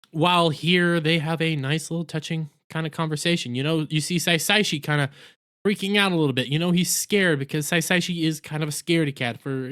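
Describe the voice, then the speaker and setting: A man's voice: a little high, a bit bright. A man casually recapping an anime episode, rambling with lots of fillers and correcting himself mid-sentence. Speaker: anime reviewer.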